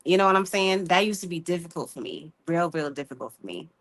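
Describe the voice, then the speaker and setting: Brief: talkative woman guest, bright and lowish. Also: fast. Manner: animated, talkative, slangy storytelling. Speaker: podcast guest. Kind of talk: casual group chat.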